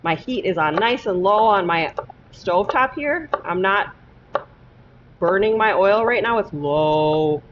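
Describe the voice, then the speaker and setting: A woman's voice: mid-range voice, expressive, unhurried, dull audio, slight background noise. A woman teaching a cooking lesson in her kitchen, talking step by step and often checking in with "okay?". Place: home kitchen.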